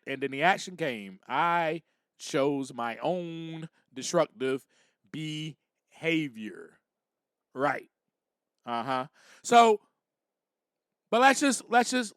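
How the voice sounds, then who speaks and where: A man's voice: fairly high pitch, sharp tone, no echo, clean studio sound. A man hosting a podcast, giving a personal recovery talk and acting out little quotes, repeating phrases as he goes. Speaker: podcast host.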